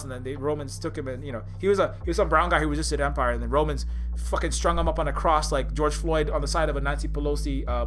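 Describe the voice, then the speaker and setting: A man's voice: on the high side, fairly bright tone, a little hiss or hum. A man from Hawaii, an indie game developer, delivering a heated, profane rant full of restarts and repetitions. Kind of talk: ranting monologue.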